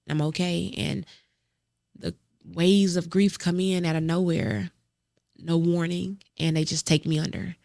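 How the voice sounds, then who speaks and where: A woman in her forties hosting a podcast, speaking softly and from the heart, often halting and restarting as she reflects. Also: sits low, gravelly, dry recording, clean studio sound. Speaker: podcast host. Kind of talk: personal reflective monologue.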